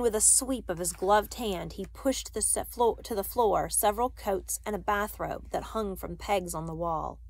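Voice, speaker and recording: A woman reading a novel aloud, careful and steady, with occasional small slips she corrects. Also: mid-range voice, dry recording. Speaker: reader.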